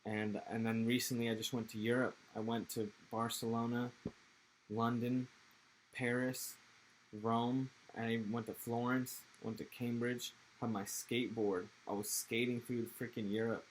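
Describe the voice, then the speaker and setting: A young man from Texas, USA, with an American accent chats loosely in a casual interview, rambling and laid-back with profane slang. His medium-pitched voice stays level at a measured pace, in a rough recording with slight background noise.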